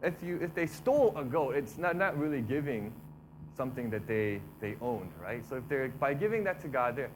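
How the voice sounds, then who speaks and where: A man giving a casual, conversational sermon, talking through the text in a relaxed way and often repeating himself. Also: medium pitch, moderate pace, noisy background. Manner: relaxed, repeats himself, acts out complaining voices. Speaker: preacher.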